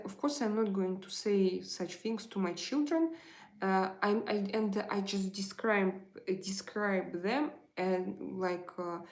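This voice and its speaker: A woman, chatting frankly on a live stream and answering viewer comments, halting often to restart her sentences. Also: mid-range voice, a little mellow. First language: Russian.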